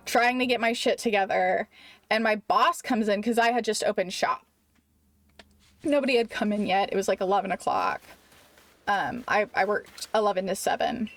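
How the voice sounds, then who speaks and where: A young adult woman streaming a game and telling a long, rambling story in a casual, animated way, full of "like". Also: medium pitch. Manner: animated, rambling, heavy use of "like".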